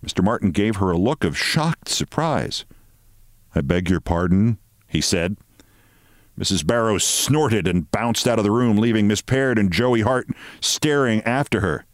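A man reading a short story aloud in a low, expressive voice that rises and falls a great deal. The sound is dry and close, with no room echo. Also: unhurried. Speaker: podcast host.

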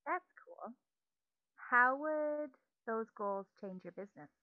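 A woman's voice: fairly high pitch, expressive, takes it slowly. A woman interviewing a guest, asking questions with brief, friendly, encouraging replies. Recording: dull, dry lo-fi recording.

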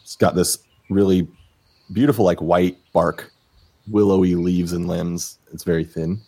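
A man with a low voice serves as game master for a tabletop fantasy game, narrating in a relaxed, halting way with many restarts.

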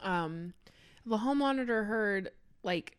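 A woman's voice: medium pitch, animated, takes it slowly, clean tone, no echo. A woman co-hosting a podcast who joins in playfully while telling an improvised comic story. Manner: playful, chiming in. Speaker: podcast co-host.

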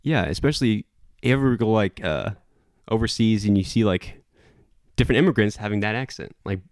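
A man's voice: fairly low pitch, a little fast, darkish tone, no echo, studio quality. A man from Texas co-hosting a podcast, telling stories in an easygoing, casual way. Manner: easygoing, storytelling. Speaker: podcast co-host. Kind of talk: casual chat.

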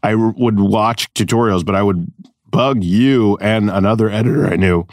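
A man's voice: fairly low pitch, moderate pace, a little mellow, dry recording. A man co-hosting a casual podcast chat, telling rambling stories and laughing often. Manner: laughs a lot, rambling storytelling. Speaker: comedian and co-host.

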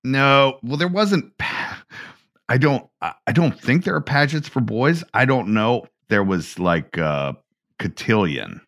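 A man's voice: medium pitch, animated, measured pace, a bit bright. A man from Atlanta hosting a podcast, reacting playfully and tripping over his words as he chats. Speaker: podcast host. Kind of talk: casual chat.

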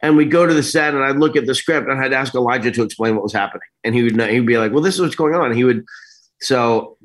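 A middle-aged man telling stories as an interview guest, rambling and animated, often breaking off and restarting. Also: medium pitch, quick pace. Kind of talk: casual storytelling interview.

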